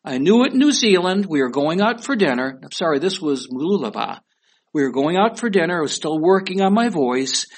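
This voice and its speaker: A man's voice: a little high, big pitch swings, fairly quick. A man preaching a sermon in a conversational way, asking his listeners questions. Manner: conversational, asks the audience questions. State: weak voice. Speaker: pastor.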